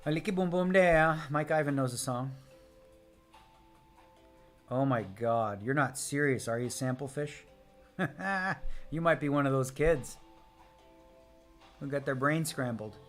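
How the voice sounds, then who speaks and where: A man's voice: medium pitch, a little slow, pauses often, soft background music. A man live-streaming a poker session, chatting casually with viewers in a brash, joking way and answering their chat messages. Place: home streaming setup.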